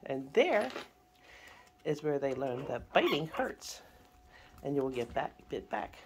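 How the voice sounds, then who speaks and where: A woman's voice: extremely low pitch, sing-song, measured pace, background noise. A woman breeder narrating a casual vlog, switching between plain explanation and sing-song baby talk to her puppies. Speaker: dog breeder.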